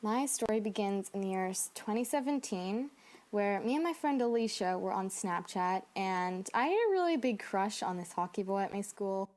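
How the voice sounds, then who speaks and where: A woman's voice: medium pitch, normal speed. A young woman narrating a personal story and acting out the quoted dialogue. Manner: animated, acts out quoted dialogue.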